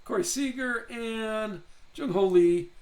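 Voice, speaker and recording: Hosting a live card break, a man chats casually, thinks aloud and reads off names as he opens packs. His voice is high and a little mellow, and he speaks slowly.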